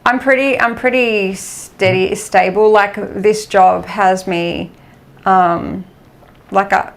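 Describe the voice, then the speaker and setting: A woman guesting on a casual podcast. She talks slowly and haltingly, with a gravelly, creaky edge to her voice. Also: medium pitch, steady tone. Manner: hesitant, halting. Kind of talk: casual chat.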